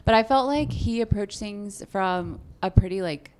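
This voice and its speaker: A woman's voice: medium pitch, normal speed, darkish tone, a little hiss or hum. A young woman co-hosting a podcast, chatting casually in an effusive, giggly way. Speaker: podcast co-host. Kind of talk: casual chat.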